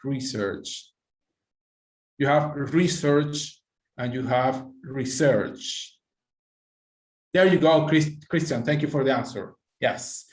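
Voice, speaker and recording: Male teacher running a live online pronunciation lesson, mid-pitched, encouraging, echoey room. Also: moderate pace, hardly any pauses. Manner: encouraging, praises students by name, non-native phrasing.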